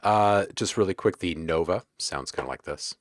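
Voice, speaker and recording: A man hosting a casual livestream, chatting with viewers in a relaxed, joking way while browsing sound packs. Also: low voice, normal speed, no echo, soft background music. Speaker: livestream host.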